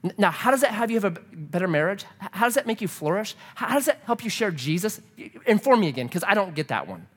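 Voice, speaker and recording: Animated preacher man, lively pitch. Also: fast, breathy edge. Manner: animated, humorous, full of rhetorical questions. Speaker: pastor. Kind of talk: sermon. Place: church.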